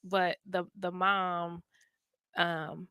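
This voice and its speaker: A woman's voice: on the low side, very slow, clear, resonant tone, dry recording, studio quality. A woman co-hosting a casual podcast chat, telling stories expressively and acting out the people she quotes. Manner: expressive storyteller, acts out quoted voices. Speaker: co-host.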